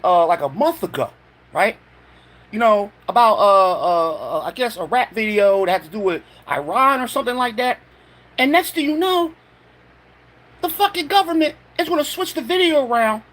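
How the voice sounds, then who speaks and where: A man vents in a furious, profane rant, tripping over his own words. His voice is husky and swings widely in pitch. He speaks straight to the camera in his home. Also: fairly bright tone. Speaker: vlogger. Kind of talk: angry ranting vlog.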